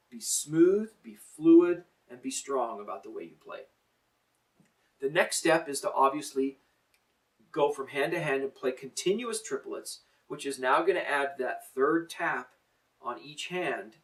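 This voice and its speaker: A man's voice: mid-range voice, unhurried, recorded from a distance, poor audio. A middle-aged man teaching a drum lesson, counting in and coaching in a plain-spoken, encouraging way.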